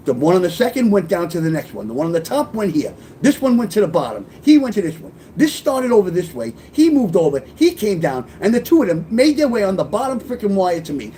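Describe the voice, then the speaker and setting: A man's voice: high voice, very animated, fairly quick, few pauses, dark tone, slight background noise. A middle-aged man telling a personal testimony, rambling, swearing and breaking into tearful outbursts. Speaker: author telling his life story.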